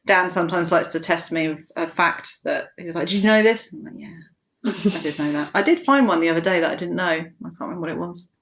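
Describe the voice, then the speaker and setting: A woman's voice: lowish voice, fast, fairly bright tone. A woman guest chatting casually on a podcast as an enthusiastic film fan.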